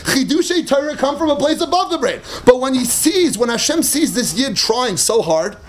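A man teaching a Talmud class, animated and emphatic, mixing Hebrew and Aramaic terms into English and laughing at his own points. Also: extremely high pitch, moderate pace. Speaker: Torah teacher.

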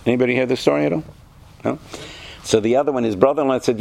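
A man teaching a class of students, animated and talkative, often asking them questions. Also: medium pitch, racing, creaky, pauses often. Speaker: yeshiva teacher. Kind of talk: lecture to students.

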